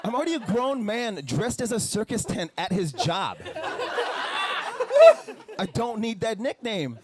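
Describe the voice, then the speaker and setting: A man's voice: sits high, measured pace, heavy background noise. A man in his thirties from the Minneapolis area, performing a live stand-up set and acting out the people in his stories. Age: 30s. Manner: animated storytelling, acts out coworkers and customers. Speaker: stand-up comedian. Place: outdoor live comedy show with audience laughing.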